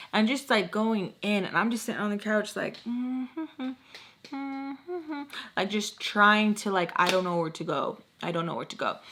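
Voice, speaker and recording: A young woman telling a personal story in casual vlog style, acting out the quotes of the people in it. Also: medium pitch. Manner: animated, acts out quotes with many "like" fillers. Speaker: storytime vlogger.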